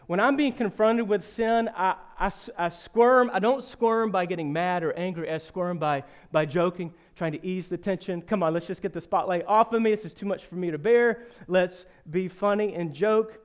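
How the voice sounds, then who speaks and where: His voice high, clear, and smooth, a thirtysomething pastor delivers a sermon that opens with self-mocking anecdotes. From there he climbs to forceful rhetorical questions, then sinks to a quiet, sincere hush.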